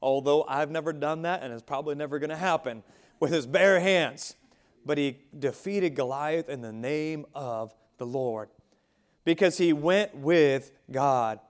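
A man preaching a sermon as pastor, swinging between quiet, soft asides and loud, raised exclamations. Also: on the high side, measured pace, clean tone.

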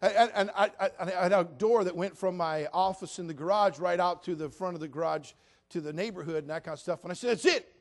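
A man, a pastor, telling a humorous personal story in a sermon and preaching directly to his congregation in a folksy, animated way. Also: high-pitched, fast talker.

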